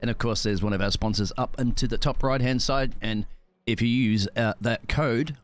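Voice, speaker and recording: A man's voice: mid-range voice, normal speed. A man co-commentating a sim racing broadcast, friendly and handing over to his partner.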